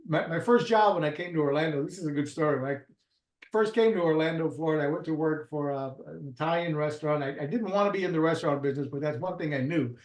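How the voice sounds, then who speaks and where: A Puerto Rican man, appearing as an interview guest, speaks fast with a voice pitched slightly above average. His storytelling rambles casually, full of restarts and fillers. The recording carries a noticeable, roomy echo from the space.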